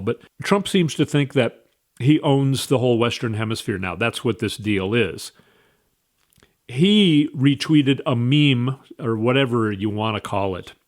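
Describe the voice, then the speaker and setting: A man giving a casual political opinion monologue, scornful and opinionated, with wandering asides. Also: mid-range voice. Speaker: political commentator.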